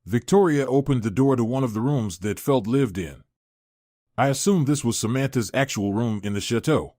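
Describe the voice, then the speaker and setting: A man's voice: medium pitch, lively intonation, normal speed, darkish tone, no echo. Man narrating a story in a dry voice. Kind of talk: scripted first-person narration.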